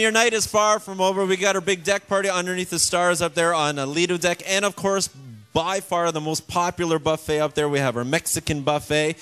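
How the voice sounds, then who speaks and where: A man's voice: a little high, fairly bright tone, clean tone. A man hosting a cruise ship talent show on stage, a joking, teasing showman working the crowd. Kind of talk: live stage emcee patter.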